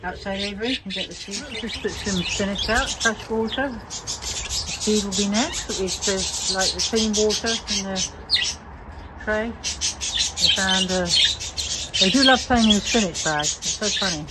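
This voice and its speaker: Woman vlogging in a loud bird aviary. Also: medium pitch, measured pace, heavy background noise. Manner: coos and talks baby-talk to the birds. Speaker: budgie keeper vlogger. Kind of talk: casual vlog narration. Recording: loud bird chirping behind. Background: budgies chirping and squawking.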